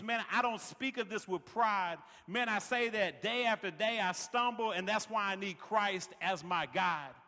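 A man's voice: high voice, sharp tone, big-room sound. A man preaching a sermon as pastor, peppering his lines with "man" and building rhythmic refrains. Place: large worship center.

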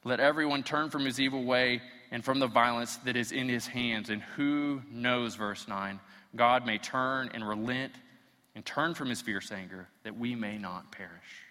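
A man's voice: mid-range voice, unhurried, bright, forceful tone, long reverb tail. A man preaching a sermon, reading scripture aloud and acting out the quotes as his intensity builds. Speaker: pastor.

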